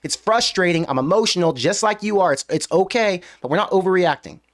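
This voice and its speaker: A man's voice: high-pitched, expressive, brisk. A young man hosting a fan reaction show, venting with emphatic rhetorical questions after a game. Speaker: sports fan show host. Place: US Midwest.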